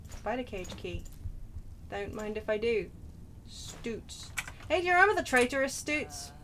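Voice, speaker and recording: A woman's voice: fairly high pitch, sing-song, measured pace, noisy background. A woman streaming a game, chatting casually, bantering and poking fun at herself. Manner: chatty, self-mocking, bantering. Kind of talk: casual gameplay commentary.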